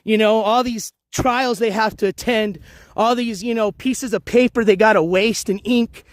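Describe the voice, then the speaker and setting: A man's voice: high voice, steady tone, normal speed, dry recording. A man vlogging live outdoors while walking his dogs by the water, talking in a blunt, profane, rambling way full of fillers. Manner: blunt and profane, lots of "you know" fillers. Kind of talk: casual rambling live-stream chat.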